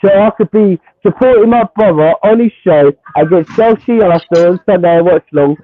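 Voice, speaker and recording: A Chelsea-supporting man argues football in heated banter, repeating himself and cutting in. His voice sits high and comes through a thin, tinny phone line with no room sound. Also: fairly quick, no room sound. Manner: animated, repeats himself, talks over others. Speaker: guest, Chelsea fan.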